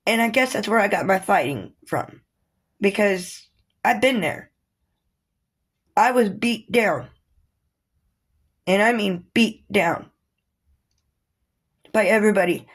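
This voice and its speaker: Woman vlogger, earnest and heartfelt, gravelly fry in the voice, speaking straight to her viewers. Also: mid-range voice. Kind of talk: personal talk to camera.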